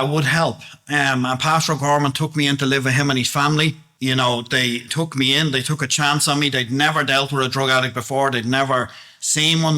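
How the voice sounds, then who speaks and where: A man's voice: medium pitch, bright, forceful tone. A man giving a plain-spoken, earnest testimony sermon, often asking the congregation questions.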